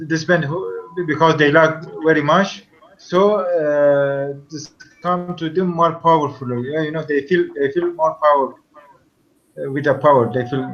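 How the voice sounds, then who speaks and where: A man in a language class answering a question, speaking haltingly and searching for words. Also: fairly high pitch. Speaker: language student. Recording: dull lo-fi recording.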